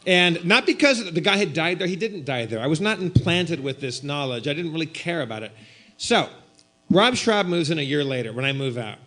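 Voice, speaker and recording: A man telling a comedic ghost story on stage at a live show, animated and breaking into loud shouted outbursts. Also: fairly high pitch, brisk. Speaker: guest storyteller.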